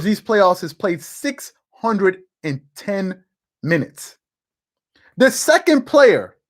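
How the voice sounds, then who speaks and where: A man hosting a live sports talk stream, talking through his notes, repeating words as he goes and answering chat comments. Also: high-pitched. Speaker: sports talk show host.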